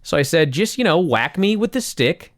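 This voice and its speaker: A man co-hosting a casual wrestling podcast, talking with sarcastic, animated energy. His voice sits a bit high and swings widely in pitch. The sound is dry and close. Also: moderate pace, no echo. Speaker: podcast co-host. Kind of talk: casual wrestling recap chat.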